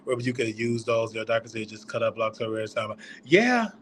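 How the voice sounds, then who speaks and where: A man hosting his own live show, chatting casually and excitably as he reminisces out loud. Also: mid-range voice, fairly quick, a little hiss or hum. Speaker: show host. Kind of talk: casual livestream chat.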